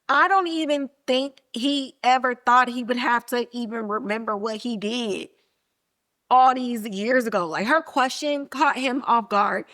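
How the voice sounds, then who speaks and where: Slow-talking woman recapping a TV episode. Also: high-pitched. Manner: animated, acts out quotes with playful put-on voices. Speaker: podcast host. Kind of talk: casual recap commentary.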